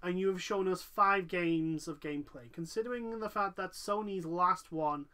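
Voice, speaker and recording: A man's voice: high-pitched, normal speed, pushed and bright. Blunt man in casual chat. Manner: blunt, swears, lots of "like" fillers. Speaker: podcast host.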